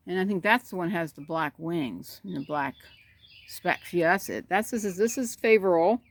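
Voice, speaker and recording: Animated and lowish-voiced, a woman talks at a normal speed about her backyard chickens in a casual chat. She rambles and coos to the birds while recording outdoors on her phone camera.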